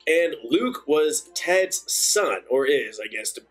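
A young man hosting a gaming channel, giving chatty, excitable let's-play commentary. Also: a little high, takes it slowly, faint music behind. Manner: excitable, chatty, bursts into cheers.

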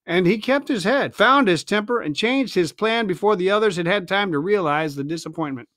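A man reading a novel aloud at home on a livestream, expressive, with chatty asides. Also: high-pitched, fairly quick, no echo, clean studio sound. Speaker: reader. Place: family home, indoors.

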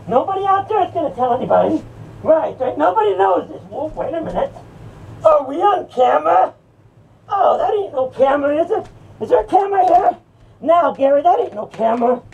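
A woman voicing a sneering male horror character in an improvised rant, taunting and mocking with sudden shouts and cackles, recorded on a distant mic with faint noise. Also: high voice, gravelly, lo-fi sound, heavily acted.

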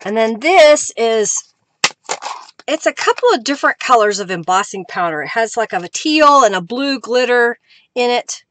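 A woman's voice: medium pitch, fairly bright tone, dry recording. A woman hosting a live crafting stream, chatting casually as she works and greets viewers. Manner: chatty, reads out viewer comments with bursts of cheer. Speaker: crafting livestream host.

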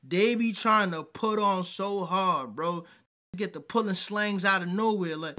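A middle-aged man from New York giving casual, animated reaction commentary on video clips. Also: high voice, moderate pace. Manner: animated, rising excitedly when ranting.

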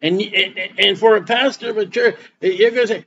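A man's voice: high voice, normal speed, few pauses, fairly bright tone, highs cut off, slight background noise. A man preaching a sermon as pastor, folksy and repetitive, reading scripture aloud between his comments. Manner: folksy preaching with repeated words and Bible reading.

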